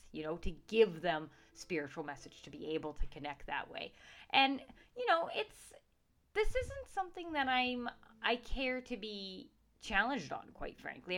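Earnest psychic woman, low-ish voice. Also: a bit bright. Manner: earnest, reassuring, with many fillers and restarts. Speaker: professional psychic. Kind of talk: casual talk to camera.

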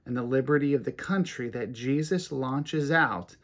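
A man preaching a sermon, animated and rising to emphatic peaks, reading scripture aloud between his comments. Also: mid-range voice, normal speed. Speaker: pastor.

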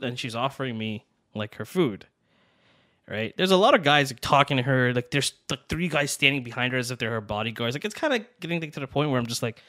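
A young man co-hosting a podcast, telling a personal story in a casual, animated way and acting out what people said. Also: medium pitch, fast, no echo, clean studio sound. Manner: animated, acts out quotes with swearing and laughs. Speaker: podcast co-host.

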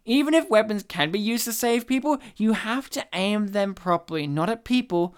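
A woman's voice: medium pitch, expressive, moderate pace, smooth. A woman reading a review aloud to friends in a mock-dramatic way, stumbling over words and laughing.

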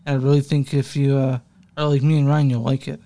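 A man's voice: medium pitch, flat delivery, brisk, dark tone. A young man co-hosting a music podcast, rambling casually, laughing often and swearing offhand. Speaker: podcast co-host.

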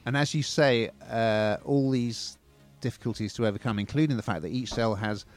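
A man's voice: medium pitch, moderate pace, soft background music. A man casually reviewing films and TV series on a radio show, chatty and opinionated.

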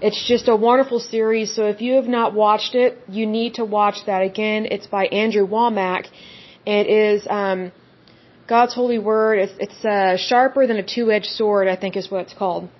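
A woman's voice: mid-range voice, fairly even intonation, normal speed, highs cut off. A woman hosting a devotional podcast, teaching in an earnest, emphatic way, with many rhetorical questions and repeated words. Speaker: podcast host.

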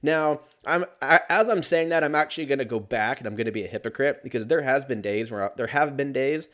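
A man's voice: mid-range voice, quick pace, fairly bright tone. A man talking alone on his podcast in a loose, rambling way. He swears constantly, jumps from topic to topic, and pokes fun at himself. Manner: rambling, profane, self-mocking, laughs at own jokes. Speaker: podcast host. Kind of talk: casual solo podcast rant.

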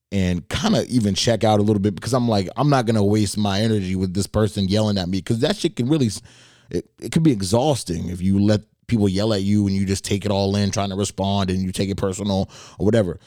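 A relaxed, low-voiced man hosting a podcast, spinning a story in a loose, wry way with plenty of casual swearing. His voice sits close and dry, with no room sound around it. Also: no echo. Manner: laid-back, profane and wry. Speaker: podcast host.

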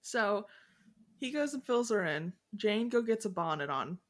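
A woman's voice: mid-range voice, sing-song, unhurried. A woman hosting a podcast in casual chat, retelling a story with many fillers and frequent giggles. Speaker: podcast host.

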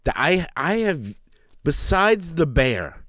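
A man co-hosting a casual podcast, chatty and quick to laugh, swearing now and then. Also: on the high side, big pitch swings, fairly bright tone, no echo, clean studio sound. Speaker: podcast co-host. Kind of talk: casual chat.

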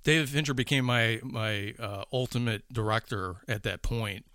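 A man's voice: mid-range voice, normal speed, bright, forceful tone, no room sound, clean studio sound. A man chatting casually about movies, rambling with many restarts and swearing. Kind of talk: casual chat about films.

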